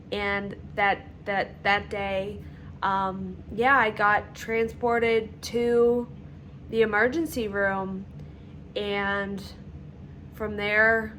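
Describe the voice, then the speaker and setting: A woman with a slightly high voice recounts a personal story to camera. She talks slowly and haltingly, pausing on fillers as she pieces memories together. A faint background hum sits under her voice. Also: a bit bright. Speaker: vlogger telling her own illness story.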